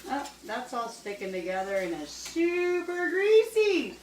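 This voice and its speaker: A woman's voice: sits high, sing-song, unhurried, slight background noise. A woman hosting a casual cooking show in her home kitchen, rambling, swearing and laughing as she cooks. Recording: roomy room, mic at a distance.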